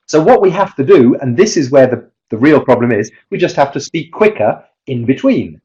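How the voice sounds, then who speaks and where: A man's voice: mid-range voice, big pitch swings, normal speed, dark tone. Man presenting a teaching webinar, muffled audio. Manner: explanatory, demonstrates rhythm by chanting. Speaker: pronunciation teacher trainer.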